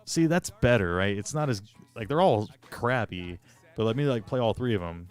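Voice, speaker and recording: A man's voice: lowish voice, animated, moderate pace, clean tone. A man chatting casually on a live stream, rambling and self-deprecating with lots of fillers, greeting viewers as he goes. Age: adult. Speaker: streamer and hobby modder.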